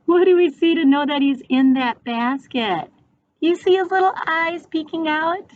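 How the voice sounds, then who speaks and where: A woman teacher reading a picture book aloud to children, pausing to ask them questions. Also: high-pitched. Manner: slow, animated, asking children questions. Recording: dull, slightly noisy recording.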